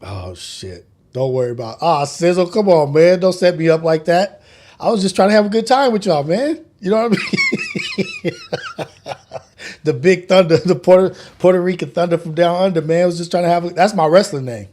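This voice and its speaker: A man's voice: high voice, animated, a little fast, darkish tone. A man in his forties hosting a casual morning show from home, loose and joking, who swears often and laughs a lot. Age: 40s. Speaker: podcast host.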